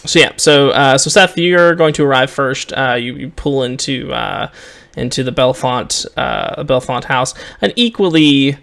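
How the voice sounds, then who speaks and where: A man narrating as game master for a tabletop role-playing game, describing scenes in a halting way. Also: medium pitch, creaky, a bit bright.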